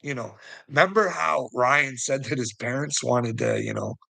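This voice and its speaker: A man's voice: mid-range voice, a little slow, gravelly, bright, forceful tone, low-quality recording. A man giving rambling casual commentary to a viewer, chuckling often and swearing freely. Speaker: online commentator.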